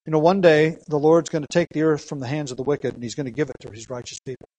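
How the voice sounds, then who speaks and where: A man's voice: on the high side, little pitch movement, quick pace, darkish tone, no echo, poor audio. Earnest preaching man, dry close sound. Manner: earnest teaching with frequent rhetorical questions and emphatic repetition; reads scripture aloud. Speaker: pastor. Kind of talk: sermon.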